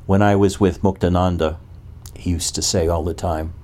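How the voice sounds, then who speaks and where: A man's voice: low voice, fairly even intonation, moderate pace, a little mellow. A man as a spiritual teacher, giving a talk to a gathering and asking one probing rhetorical question after another.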